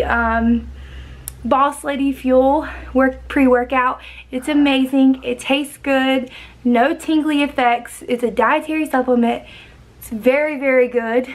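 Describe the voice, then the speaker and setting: A young woman talking casually to camera at home as a vlogger, chatty and loose with lots of fillers. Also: high-pitched. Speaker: lifestyle vlogger reviewing a supplement.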